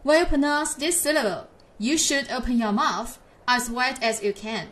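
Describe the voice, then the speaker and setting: Her voice sits on the high side with a slightly bright quality as this Chinese teacher works through a pinyin lesson in English. Each model syllable comes out slow and stretched, patiently offered for students to echo.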